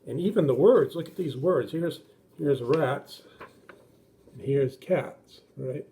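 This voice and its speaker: Mellow-voiced man telling kids a story. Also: on the high side, slow. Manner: gentle, simple explanations for kids, acts out voices. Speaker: children's pastor. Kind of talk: children's sermon storytelling.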